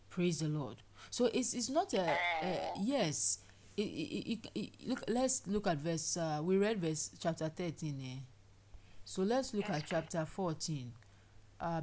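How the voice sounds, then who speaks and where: Woman, preacher, lively sermon, plays out people's complaints. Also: on the low side. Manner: animated, acts out people's complaints in playful voices.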